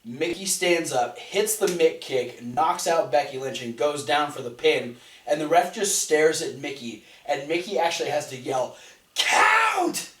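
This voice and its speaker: A man's voice: fairly high pitch, moderate pace. A man co-hosting a podcast, casually recapping matches with plenty of restarts and fillers. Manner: rambling recap with frequent restarts. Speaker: podcast co-host. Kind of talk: casual wrestling recap chat. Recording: roomy, distant mic.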